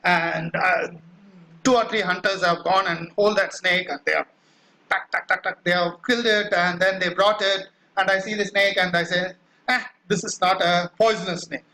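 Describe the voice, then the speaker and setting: A man lectures with a high, bright voice, walking listeners through an example at an easy, halting pace. He leans on "uh" and keeps asking "right?" to check that the class follows. His tone is that of a teacher explaining to students. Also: steady tone, poor audio. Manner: explanatory, frequent "right?" check-ins and "uh" fillers; acts out quoted cries.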